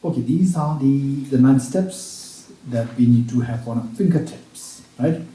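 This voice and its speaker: A man teaching Buddhist practice at a retreat, repeating each point slowly as if dictating, with halting restarts and check-ins with his listeners. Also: medium pitch, warm tone. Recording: roomy room, speaker far from mic.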